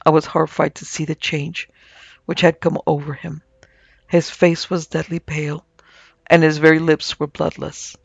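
A man narrating a scripted supernatural tale in a steady, measured way. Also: fairly high pitch, creaky, slightly rough, no room sound. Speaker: narrator and producer. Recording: dull, dry lo-fi audio.

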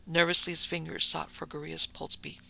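A man narrating a dark story in a measured, grave manner. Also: on the high side, little pitch movement, creaky, low-quality recording.

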